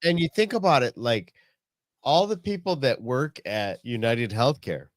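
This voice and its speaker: A man's voice: mid-range voice, lively intonation, unhurried, no echo, clean studio sound. A man co-hosting a podcast, chiming in agreeably during casual profane chat. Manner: agreeable, chimes in often. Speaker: podcast co-host.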